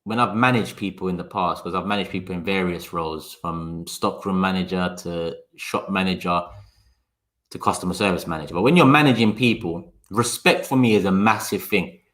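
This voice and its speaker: A man's voice: low-pitched, fairly bright tone. A man, hosting a casual live-stream chat, talking to viewers by name and slipping into sarcasm and swearing. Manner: sarcastic, talks fast in bursts. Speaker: livestream host.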